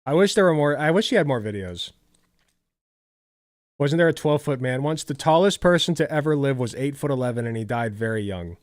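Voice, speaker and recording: Tired dude streaming, rambly, says like a lot, dry close mic. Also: male voice, mid-range voice, expressive, a little fast, dry recording. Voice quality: rambling, lots of "like", swears freely. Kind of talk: casual live-stream chat.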